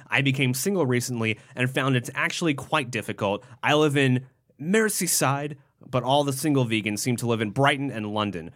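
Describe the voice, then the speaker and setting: A young man co-hosting a loose, casual podcast at a middle pitch. He reads quoted text aloud, breaks off for jokey asides and swears freely. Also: fairly bright tone. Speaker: podcast co-host.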